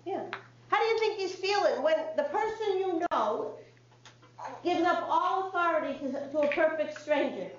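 A woman with a high voice tells a story to a live audience, acting out each line of dialogue with lively energy. The sound is roomy and a little dull, as if picked up in a hall with faint background noise. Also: normal speed, long pauses. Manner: animated, acts out dialogue. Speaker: speaker on child behavior.

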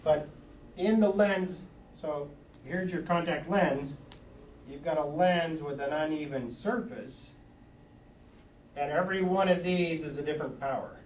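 A man explains eye care patiently to a small group, reaching for plain everyday comparisons. His voice sits a little high for a man and comes from some way off the mic. The room is echoey, with faint background noise. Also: measured pace, pauses often, distant mic. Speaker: eye doctor. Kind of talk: explaining to an audience.

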